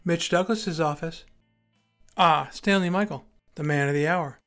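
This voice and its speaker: A man's voice: on the high side, measured pace, fairly bright tone, faint music behind. A man telling a first-person story with acted dialogue in a dry, wry, articulate way, and hosting his podcast.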